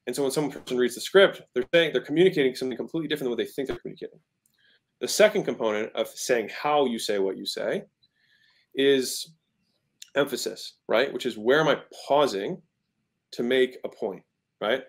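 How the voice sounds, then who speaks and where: His mid-range voice is animated and fairly quick as this entrepreneur, a guest in a casual interview, explains sales. He stresses his points, checks in over and over with "right?", and performs tones of voice as examples.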